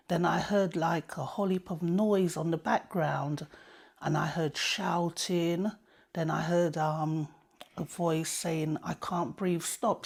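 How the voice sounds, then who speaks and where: A woman in an interview recounting a phone call, telling it plainly and often quoting herself. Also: on the low side. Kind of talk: personal testimony interview.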